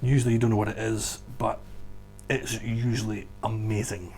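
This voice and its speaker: A man's voice: lowish voice, little pitch movement, moderate pace, creaky, a little mellow, a little hiss or hum. A man working as a whisky tour guide, talking through favourite whiskies in a casual, enthusiastic and emphatic vlog recorded indoors at home. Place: indoors at home beside a shelf.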